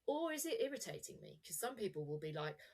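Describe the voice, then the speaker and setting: This coach, a guest on a podcast interview, speaks fast in a lowish, slightly mellow voice with a breathy edge and big swings in pitch. Her explanations ramble, she keeps correcting herself, and she acts things out to make her ideas clear.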